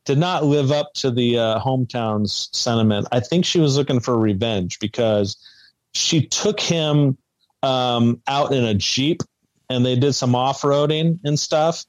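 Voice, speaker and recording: A man's voice: medium pitch, a little slow, dry recording, low-quality recording. A man co-hosting a podcast, recapping in casual chat with many ums and uhs. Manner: hesitant, filler-heavy recapping. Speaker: podcast co-host.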